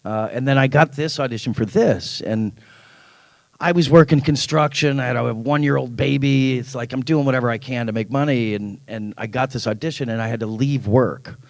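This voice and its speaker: Man in his middle years, animated convention storyteller, acts out dialogue, dry mic. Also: mid-range voice, normal speed, creaky, dry recording. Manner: animated anecdote-telling, acts out quoted dialogue, laughs often. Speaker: actor, panel guest. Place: convention panel room.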